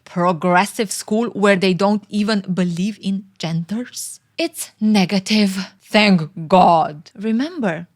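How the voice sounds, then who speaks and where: A woman's voice: mid-range voice, takes it slowly. Woman vlogger, sarcastic recap commentary, teasing and chatty, frequent laughs.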